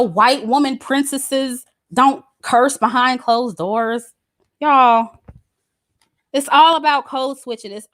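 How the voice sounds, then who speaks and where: A woman, giving a blunt, emphatic commentary straight to her audience, cursing and repeating her points. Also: high voice. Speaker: YouTube commentator. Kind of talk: casual direct-to-camera rant.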